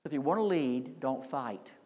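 Guy pastor telling stories in his sermon then getting loud and fired up, long church reverb. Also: mid-range voice, animated, moderate pace. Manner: storytelling, rising to loud preaching peaks. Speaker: senior pastor. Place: church sanctuary.

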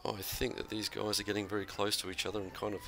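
Man, very low voice, calm sim racing commentary, heavy game noise behind. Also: quick pace. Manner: calm, focused, talks in short bursts between corners. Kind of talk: live racing commentary while driving. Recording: noisy game audio behind.

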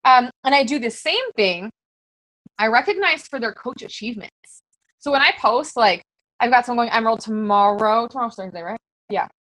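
A woman's voice: fairly high pitch, lively intonation, moderate pace, fairly bright tone, dry recording, low-quality recording. A woman coaching fellow fitness coaches in a casual, very conversational way, full of fillers. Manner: very conversational, chatty with many fillers.

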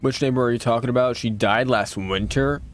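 A man's voice: medium pitch, a little fast, soft background music. A man streaming a horror game, reacting to scares, swearing at the game and talking back to what he sees on screen. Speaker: gaming streamer. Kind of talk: horror game let's play commentary.

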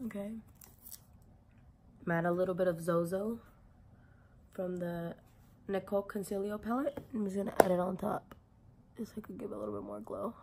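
A woman's voice: medium pitch, fairly even intonation, normal speed, gravelly, long pauses, warm tone, slight background noise. A young woman talking casually through a makeup tutorial in a chatty, filler-heavy way, with some swearing. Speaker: beauty vlogger.

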